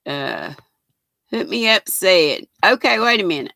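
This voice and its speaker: A woman's voice: mid-range voice, very animated, unhurried, gravelly, pushed and bright, dry recording. An older woman with a Southern US accent, hosting a casual live crafting stream, reading viewer comments and greeting them by name in a folksy, affectionate way. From Southern United States.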